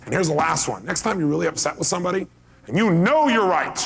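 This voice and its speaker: A man giving a motivational seminar talk, animated, acting out quoted dialogue and asking the audience questions. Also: on the high side, fast talker, vocal fry, a little hiss or hum. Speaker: motivational speaker.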